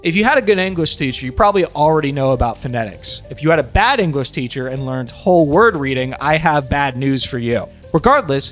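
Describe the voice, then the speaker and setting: A man's voice: fairly high pitch, fairly bright tone. A man narrating a jokey explainer voice-over, with a dry, ironic internet humor. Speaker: online video host.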